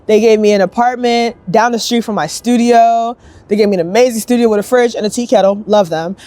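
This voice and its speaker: A woman's voice: on the high side, steady tone, dark tone, dry recording. Chatty young woman sculptor. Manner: chatty, upbeat, quick bursts, acts out quoted voices. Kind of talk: casual interview storytelling.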